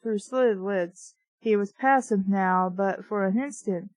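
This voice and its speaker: A woman's voice: mid-range voice, slow, a little mellow, no room sound. A woman reading a novel aloud with dry, sarcastic asides. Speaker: book reviewer reading aloud.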